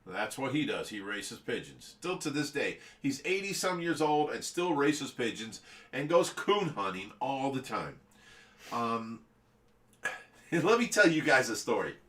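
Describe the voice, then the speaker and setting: A man's voice: medium pitch, big pitch swings, a little slow, fairly bright tone, distant mic. A middle-aged man hosting a livestream, telling a long childhood story with frequent laughs. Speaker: fish rescue livestream host. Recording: echoey room, away from mic.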